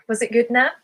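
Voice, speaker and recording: A woman's voice: on the high side, slightly rough. A woman hosting her ASMR channel's live stream who chats casually, reads out viewer comments and giggles often. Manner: chatty and giggly, laughs often.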